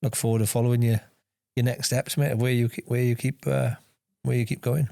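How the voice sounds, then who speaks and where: Gravelly, dark-voiced male host. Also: mid-range voice, little pitch movement, fairly quick, no echo, studio quality. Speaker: podcast host.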